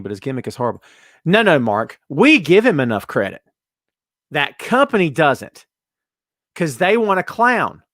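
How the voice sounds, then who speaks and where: A man hosting a casual wrestling talk show, reading out viewer comments with sarcastic, animated commentary. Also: mid-range voice, dry recording, clean studio sound. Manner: sarcastic, animated, mocking put-on voices. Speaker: podcast host.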